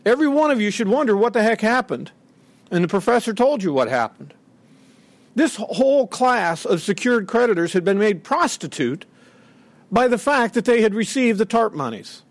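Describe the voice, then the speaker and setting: A middle-aged man's voice sits high in this dry recording of a public speech. Standing at a podium, he's emphatic and indignant, dramatically quoting others.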